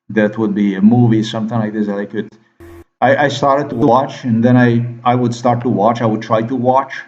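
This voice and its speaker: A man's voice: mid-range voice, a little mellow, dull audio. A man delivering a rambling, agitated monologue, firing questions at the listener and repeating himself. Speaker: vlogger.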